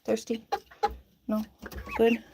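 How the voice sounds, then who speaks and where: A woman's voice: fairly high pitch, completely flat delivery, slow pace, very noisy. A young woman chatting casually in a chicken coop, laughing often and cooing at her birds. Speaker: vlogger tending chickens. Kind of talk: casual chat. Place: backyard chicken coop at night. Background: chickens clucking.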